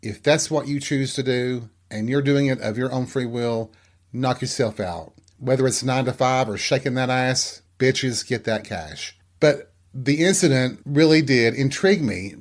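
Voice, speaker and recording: A middle-aged man hosting a show, frankly telling a personal story in a casual, candid and profane way. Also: mid-range voice. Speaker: podcast host.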